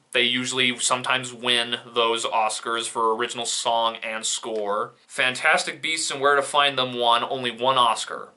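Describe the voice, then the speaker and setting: A man's voice: medium pitch, bright, forceful tone. A young man giving casual, opinionated commentary on award winners, with sarcastic asides. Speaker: film reviewer.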